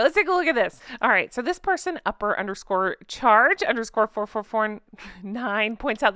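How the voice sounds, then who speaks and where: Woman host, chatty and sarcastic, clear smooth voice, dry close sound. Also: mid-range voice, sharp tone, no echo. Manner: chatty and sarcastic, laughs often. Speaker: channel host reacting to online comments. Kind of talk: casual chat, reading and reacting to comments.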